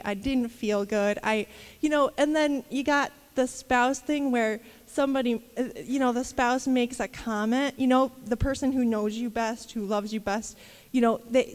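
High-voiced woman giving a rambling devotional talk. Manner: candid, rambling, with many fillers and laughs. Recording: long reverb.

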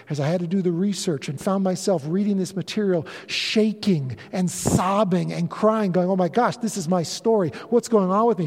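A man's voice: high-pitched, a little mellow. A man in his fifties preaching a sermon as pastor, earnest and confessional, building to emphatic preaching in a church sanctuary. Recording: long reverb of a large hall.

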